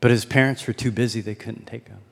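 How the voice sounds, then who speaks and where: A man's voice: medium pitch, steady tone, fast talker, creaky. A man giving a sermon as a pastor, in a casual storytelling manner that leans on rhetorical questions. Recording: long hall reverb.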